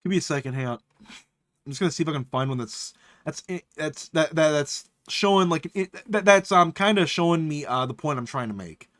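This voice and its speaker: A streamer giving live reaction commentary, swearing casually and breaking into exasperated, high-pitched rants. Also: animated, brisk, no echo, clean studio sound.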